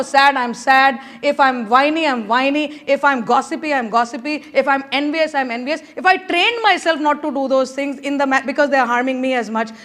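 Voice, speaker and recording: A middle-aged woman speaks to a conference audience in a high, bright voice. She delivers a motivational speech with animated energy, coaxing her listeners again and again to join in. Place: conference room.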